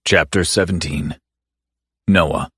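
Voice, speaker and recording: Deep-voiced male audiobook narrator. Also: steady tone, slow, fairly bright tone, husky, no echo, studio quality. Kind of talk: first-person romance audiobook narration.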